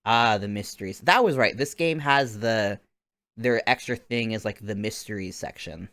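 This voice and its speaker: A man's voice: fairly low pitch, moderate pace, fairly bright tone, no echo. A young man streaming a game, chatting casually and rambling with lots of fillers.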